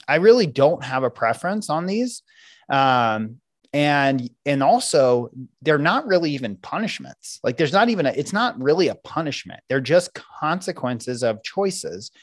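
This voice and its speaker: Animated man explaining parenting tools. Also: on the high side, dry recording. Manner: animated, acts out parents and kids in quoted voices. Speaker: parenting coach guest. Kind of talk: podcast interview explaining parenting techniques.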